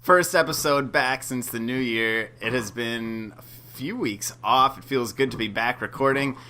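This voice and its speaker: Bright-voiced man co-hosting a podcast. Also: mid-range voice, measured pace, slight background noise. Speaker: podcast co-host. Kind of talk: casual chat.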